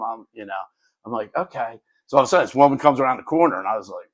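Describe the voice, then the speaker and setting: An older man, a retired teacher co-hosting a chat show, telling a school story in an animated way and acting out the kids' lines. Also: medium pitch, very fast. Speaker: retired teacher, podcast co-host.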